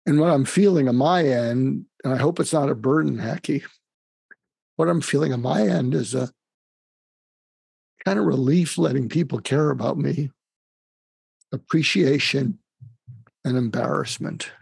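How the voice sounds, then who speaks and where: Older male interview guest with a husky, gravelly voice. He speaks calmly and hesitantly, and the sound is dry. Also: mid-range voice, no echo. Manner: calm, halting, with frequent pauses and fillers. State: facing terminal illness. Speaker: guest, psychiatrist and author. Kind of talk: emotional conversational interview.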